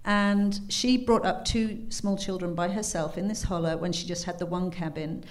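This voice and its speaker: A woman's voice: fairly low pitch, normal speed. A woman with an English accent, a guest author in a casual interview. She is chatty and self-deprecating, and she laughs often. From England.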